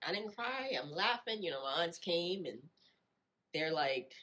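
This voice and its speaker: A woman telling her own life story in a reflective way, often repeating phrases and filling pauses with "you know". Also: on the low side, animated, bright, forceful tone. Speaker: storyteller sharing her experience. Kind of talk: personal storytelling.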